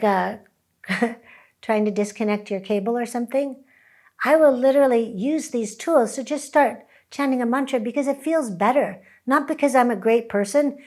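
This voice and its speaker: A woman who teaches chanting, talking reflectively and softly, now and then breaking into chant. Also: fairly high pitch. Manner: soft-spoken, breaks into sung chant.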